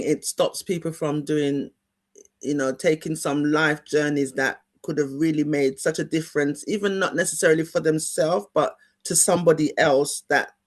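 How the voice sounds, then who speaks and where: A man hosting an interview, asking his questions in a rambling way, searching for words and restarting often. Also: a little high. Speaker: interview host. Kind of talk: conversational interview.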